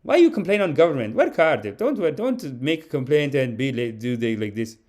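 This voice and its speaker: A man's voice: very animated, moderate pace, a little mellow, natural voice. A man voicing a reluctant male revolutionary who speaks broken English with an Arab accent. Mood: preachy calm. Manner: broken English, high and strained. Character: reluctant male revolutionary, calm then explosive.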